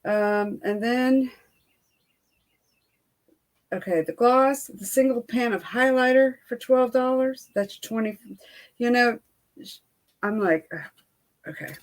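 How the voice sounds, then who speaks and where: Chatty woman venting in a casual vlog. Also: medium pitch. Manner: candid, venting, lots of fillers and quoted dialogue. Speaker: beauty vlogger. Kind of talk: casual storytime chat.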